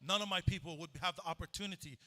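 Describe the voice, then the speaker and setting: A man's voice: sits high, quick pace, background noise. A man from Hawaii, giving a live recovery testimony to a crowd in an event hall over a handheld mic and joking with the audience. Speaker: recovery speaker.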